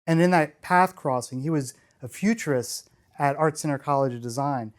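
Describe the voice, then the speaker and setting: A man's voice: on the high side, moderate pace. A middle-aged man giving a storytelling keynote talk, enthusiastic and rambling, often restarting his sentences. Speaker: conference speaker.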